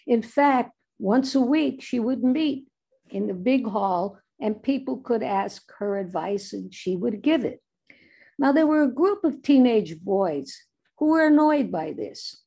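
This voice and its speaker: A woman's voice: a little high, lively intonation, a little slow, vocal fry, dark tone, husky. A woman giving an earnest commencement speech to medical graduates, exhorting and telling a parable. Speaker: commencement speaker.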